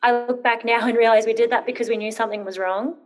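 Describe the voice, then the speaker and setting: A woman's voice: fairly high pitch, steady tone, fast talker. A woman in her thirties, an interview guest telling a personal story, hesitant with many ums and rambling when nervous.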